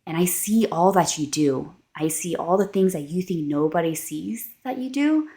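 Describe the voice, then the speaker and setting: Gentle reassuring voice of God, as a woman puts it on. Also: on the low side, moderate pace, voice pushed up. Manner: calm, tender, repeating reassurance.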